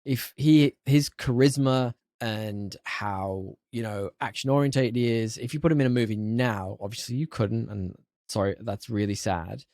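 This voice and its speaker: A man's voice: medium pitch, moderate pace, hardly any pauses, darkish tone, no room sound, studio quality. A man co-hosting a casual film-review podcast, joking around and steering the chat with quiz questions. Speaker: podcast co-host.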